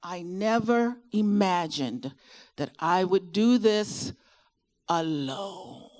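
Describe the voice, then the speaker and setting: A woman's voice: mid-range voice, takes it slowly. A middle-aged woman from Virginia with a Southern accent gives a motivational talk at a caregiver expo, often putting questions to her audience. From Virginia, USA. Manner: animated, asks the audience questions, rising and falling delivery. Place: expo hall with a live audience.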